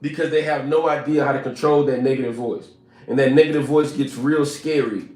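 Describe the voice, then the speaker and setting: A man's voice: mid-range voice, steady tone, brisk, a little mellow. A man giving a motivational live stream talk, emphatic and preacher-like, repeating his points and asking the chat to respond. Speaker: motivational speaker. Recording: roomy echo with faint music.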